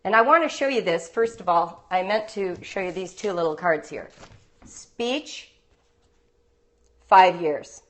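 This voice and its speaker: A woman who teaches homeschool writing, giving a live-streamed talk on a phone with playful stories and rhetorical questions. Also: mid-range voice. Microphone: phone livestream.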